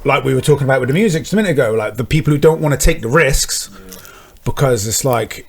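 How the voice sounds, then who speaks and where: A man's voice: medium pitch, animated, quick pace, vocal fry, breathy edge. A man, co-hosting a podcast, chatting animatedly with lots of "like" and casual swearing. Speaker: podcast co-host. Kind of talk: casual chat.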